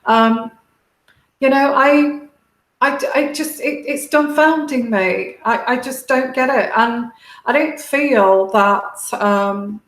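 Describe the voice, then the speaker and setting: Slow-talking British woman, tearful. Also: fairly high pitch, a bit bright, reverberant, rough recording. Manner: halting, many restarts and fillers, heartfelt. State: close to tears. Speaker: tarot reader and livestream host. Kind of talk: casual livestream talk to viewers.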